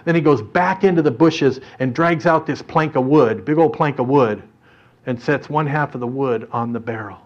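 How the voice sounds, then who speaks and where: A man preaching a sermon through an animated story in front of a congregation, dramatically shifting his voice as he tells it. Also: medium pitch, moderate pace. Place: church or hall with an audience. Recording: dull lo-fi recording.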